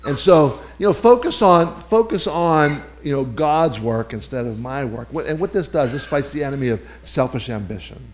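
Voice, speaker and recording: A man's voice: mid-range voice, lively intonation, moderate pace, few pauses, a little hiss or hum, low-quality recording. Chatty, rambling male pastor. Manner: conversational, digressive, with many fillers and restarts. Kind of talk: sermon.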